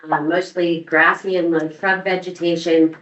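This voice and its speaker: Congested woman with a low, gravelly voice. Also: little pitch movement, normal speed. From United States. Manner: nervous, careful. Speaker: public commenter. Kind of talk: public comment at a meeting. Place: council chamber. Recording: dull, roomy meeting audio from far off.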